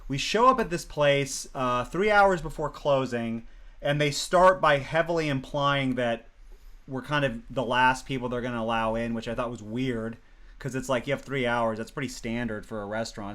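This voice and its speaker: A man co-hosting a casual chat, telling stories in an animated way with bursts of laughter. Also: medium pitch. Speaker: podcast co-host.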